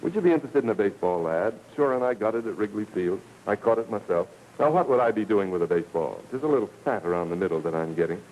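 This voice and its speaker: A man's voice: lowish voice, lively intonation, fast, few pauses, a little mellow, a little hiss or hum, natural voice, rough recording. A man voicing a stout, good-natured old Irish policeman, with folksy brogue phrasing, while reading a story aloud. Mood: friendly coaxing. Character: jovial old stout Irish beat cop.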